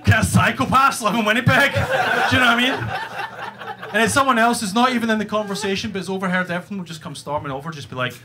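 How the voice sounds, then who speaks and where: A Scottish man with a fairly high voice performs stand-up on a club stage, telling stories in a profane, animated way. He speaks into a stage microphone. The live recording carries loud noise behind him. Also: quick pace. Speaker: stand-up comedian. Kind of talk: stand-up comedy set.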